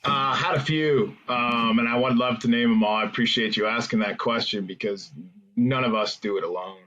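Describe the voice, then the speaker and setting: A former hockey player, a man, guests on a podcast and rambles through anecdotes in a casual storytelling interview, full of fillers and restarts. His medium-pitched voice is steady, fairly quick and sharp, and the recording is muffled.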